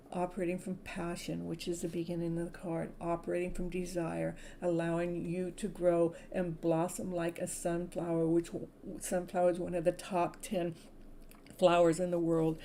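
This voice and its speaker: A woman's voice: lowish voice, gravelly, mellow, slight background noise, low-quality recording. A woman from California giving a live-stream tarot reading, speaking in soothing spiritual affirmations and laughing often. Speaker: tarot reader.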